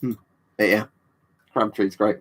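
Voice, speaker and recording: A man's voice: lowish voice, a little fast. A man chatting casually on a live stream, reading out chat messages, swearing freely and rambling with fillers.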